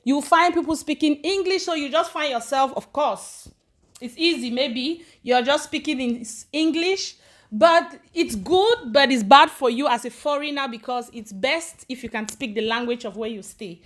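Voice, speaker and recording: A woman's voice: sits high, normal speed. A woman from Cameroon hosting her own live stream, chatting casually and greeting viewers by name as they join. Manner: chatty and warm, switching between English and Swedish, greeting commenters by name. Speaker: channel host on a live stream.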